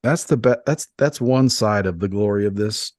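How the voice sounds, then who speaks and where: Rambling man with a deep dry voice. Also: normal speed, no echo. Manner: rambling, crude, animated storytelling. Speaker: podcast co-host. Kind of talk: casual podcast banter.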